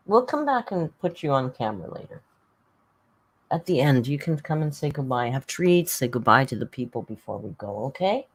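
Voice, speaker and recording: A woman's voice: very deep voice, big pitch swings, moderate pace, slightly rough, low-quality recording. Chatty woman hosting a live stream. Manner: chatty, coos baby talk to her cat. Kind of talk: casual live-stream chat.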